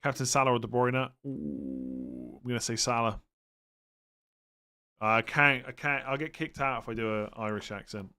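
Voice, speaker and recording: A man hosting a live stream, chatting casually and thinking aloud as he answers viewers' questions. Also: mid-range voice. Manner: relaxed, thinks aloud with fillers and quick verdicts. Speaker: livestream host answering fantasy football questions.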